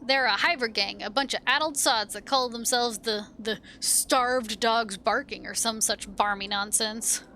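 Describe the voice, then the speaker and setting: Bitter grieving slum lady, slow rough slang, bright voice , a woman reading her lines. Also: a little high, a little hiss or hum. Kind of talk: reading game dialogue aloud.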